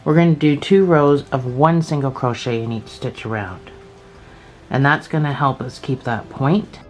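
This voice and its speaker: A Scottish woman explaining crochet steps in a relaxed, chatty way, thinking aloud and joking at her own expense. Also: extremely low pitch, normal speed, soft background music, low-quality recording. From Scotland. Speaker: crochet teacher. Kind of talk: casual step-by-step craft tutorial.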